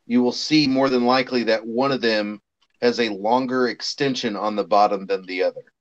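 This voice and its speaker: A man's voice: medium pitch, fairly even intonation, moderate pace. A man explaining vaping gear in a patient, step-by-step way during a casual chat, on a dull lo-fi recording.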